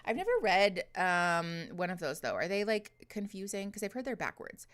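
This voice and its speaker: A chatty woman hosting a casual livestream, giggling, cursing freely and filling her sentences with "like." She speaks close into a desk microphone in an easy, mid-pitched voice. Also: animated, moderate pace, a bit bright. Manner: chatty, giggly, swears casually, lots of "like" fillers. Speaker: livestream host. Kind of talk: casual livestream chat with viewers.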